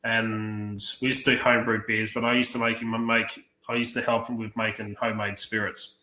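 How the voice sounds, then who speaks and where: A man telling profane, lively stories on a livestream, acting out the other people's lines. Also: on the low side, brisk. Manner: profane, animated anecdotes acting out other voices. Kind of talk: casual storytelling on a livestream. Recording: roomy echo.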